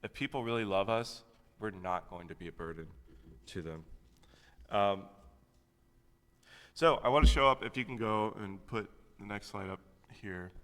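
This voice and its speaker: A man's voice: lowish voice, moderate pace, pauses often, a bit bright, clean tone. A man in his thirties giving a sermon in a church, talking conversationally with plenty of fillers and asides. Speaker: preacher. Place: church sanctuary. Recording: long hall reverb.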